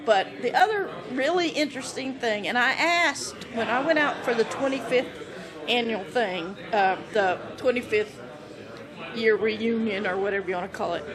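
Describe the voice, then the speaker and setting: A woman storyteller with a slightly raised pitch, animated and quick to laugh as she acts out each scene. She tells a casual anecdote as a podcast guest. Voices from a crowd murmur clearly behind her.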